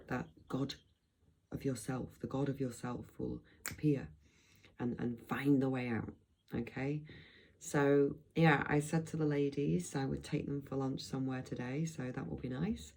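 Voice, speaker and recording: A woman's voice: very deep voice, fairly even intonation, unhurried, vocal fry, a little mellow, slightly rough, rough recording. A middle-aged woman from Blackpool, chatting in a loose, rambling vlog with frequent restarts and asides. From England, Blackpool. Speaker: vlogger. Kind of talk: rambling travel vlog chat.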